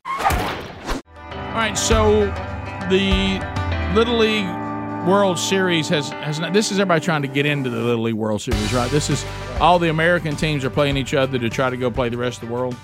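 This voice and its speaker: A man's voice: a little high, fairly quick, loud music behind the voice. A man co-hosting a radio show, teasing and laughing through casual banter. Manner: laughing, teasing, drawling Southern talk.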